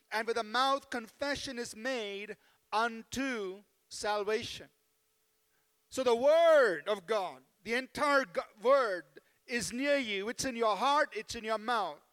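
A man's voice: very high-pitched, unhurried, bright, forceful tone, clean tone. A man preaching a sermon as pastor, asking the congregation for amens and leading them in a spoken declaration. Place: church sanctuary. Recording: long hall reverb.

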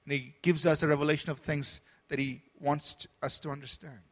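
A man with a high-pitched voice preaches a Sunday sermon as pastor, earnest and steady, often restarting and repeating words as he goes. His voice carries a long reverb, as if recorded in a large hall. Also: fairly quick. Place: church service.

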